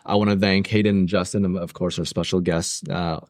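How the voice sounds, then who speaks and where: A man with a very low voice co-hosts a casual podcast, rambling along with plenty of ums and jokes. His voice sounds dry and close to the mic, with no room around it. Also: level tone, a little fast, a little mellow, dry recording. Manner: rambling, filler-heavy, joking. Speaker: podcast co-host. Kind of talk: casual chat. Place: room with the other hosts and guest.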